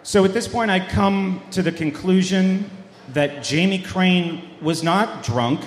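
A man and podcast host telling a mock-serious comedic story with deadpan delivery and many fillers and trailing pauses. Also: sits high. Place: live event hall. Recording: echoey hall with long reverb.

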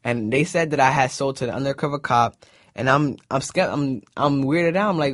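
A man's voice: mid-range voice, moderate pace, a bit bright, no echo, studio quality. A young man recounting a personal story in a casual way, acting out what people said. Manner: casual, retells events by acting out quoted dialogue. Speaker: interviewee.

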